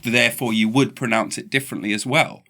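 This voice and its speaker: A man's voice: medium pitch, quick pace. A man with an English accent hosting a podcast in casual, rambling chat, often restarting his sentences. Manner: rambling, restarts often, animated when quoting. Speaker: podcast host.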